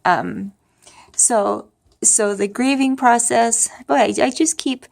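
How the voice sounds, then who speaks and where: A woman's voice: fairly high pitch, slow pace, creaky. A middle-aged woman talking candidly and a bit wearily about grief, rambling with many restarts and wry asides. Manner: candid and upfront, with wry humor. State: tired. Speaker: vlogger sharing her grief story. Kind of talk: casual personal monologue.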